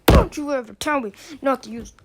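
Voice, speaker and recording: Kobieta grająca wściekłą, przeklinającą nauczycielkę. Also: female voice, high-pitched, sing-song, brisk, heavy background noise. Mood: raging. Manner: yelling, swearing, threatening.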